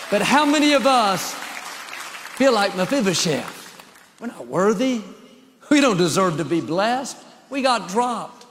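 A man's voice: high-pitched, very animated, unhurried, a bit bright, big-room sound, a faint crowd. A male pastor preaching a sermon with an emphatic, repetitive cadence.

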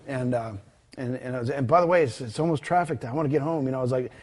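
A man's voice: mid-range voice, rapid-fire, a little mellow. A man telling a ministry story in a conversational interview, retelling the dialogue with many fillers and restarts. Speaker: guest telling a ministry testimony.

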